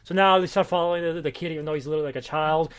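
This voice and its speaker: A man's voice: a little high, fairly even intonation, very fast, clean tone. A man co-hosting a casual podcast, talking bluntly with lots of swearing and stumbling restarts. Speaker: podcast co-host. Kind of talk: casual comic book discussion.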